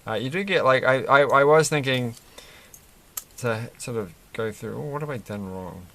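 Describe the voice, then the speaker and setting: A man's voice: medium pitch, moderate pace, pushed and bright. A man chatting casually and rambling as he builds a Lego set at his desk, with lots of fillers and restarts. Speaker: Lego reviewer. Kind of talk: casual chat while building.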